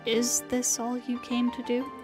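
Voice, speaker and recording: A woman reading a quiet, polite young maid. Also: on the high side, measured pace, over music, natural voice. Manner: polite and flat.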